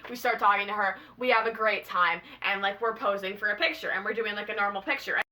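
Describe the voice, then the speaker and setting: Bright-voiced, bubbly young woman. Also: mid-range voice, quick pace. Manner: bubbly, excitable, slangy, gushing. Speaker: vlogger. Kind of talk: casual storytime.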